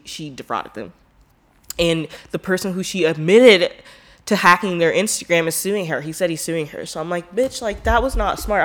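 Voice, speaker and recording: Profane rambling commentary vlogger. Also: medium pitch. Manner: profane, rambling, heavy "like" fillers; gets heated and animated when indignant. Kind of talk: casual storytelling commentary.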